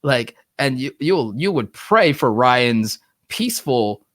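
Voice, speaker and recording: A man's voice: medium pitch, slow, no echo. Dry-voiced man ranting on a livestream. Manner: excited, rambling, heavy use of "like". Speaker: host of a live show. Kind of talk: casual livestream chat. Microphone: online streaming setup.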